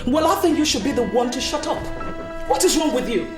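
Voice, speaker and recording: An actress with a Nigerian accent playing Carol, a defiant club member who retorts sharply. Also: female voice, sits high, expressive, a little fast, roomy sound, distant mic, over music.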